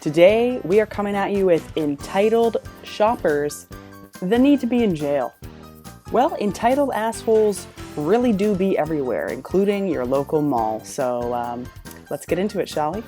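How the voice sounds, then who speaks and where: A woman's voice: on the low side, animated, normal speed, mellow, soft background music. A woman hosting a reaction video, ranting with plenty of swearing and exasperation. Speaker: host.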